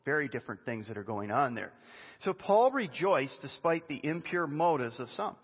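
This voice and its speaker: A man preaching a sermon as a pastor, animated and conversational, with chatty asides. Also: medium pitch, normal speed, breathy edge. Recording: dull lo-fi sound with long reverb in a hall.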